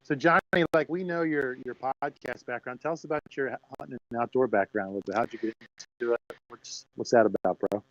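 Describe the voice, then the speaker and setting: A man from Pennsylvania, a podcast host telling animated stories in casual chat. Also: medium pitch, brisk, no echo, highs cut off.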